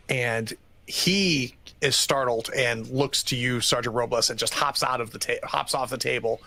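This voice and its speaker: Relaxed man running a tabletop game. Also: mid-range voice, normal speed. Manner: relaxed, hesitant with many fillers. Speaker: game master.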